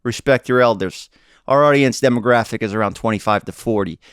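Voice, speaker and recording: A man's voice: mid-range voice, brisk, clear, resonant tone, no echo. Rambling joking male podcast host. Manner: joking, rambling, mock-tough banter. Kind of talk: casual chat.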